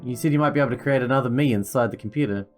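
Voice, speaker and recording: A man voicing a frail, kind young girl in a visual novel, speaking softly and gently. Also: medium pitch, very fast, soft background music, lightly acted. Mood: gentle. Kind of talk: reading a visual novel aloud.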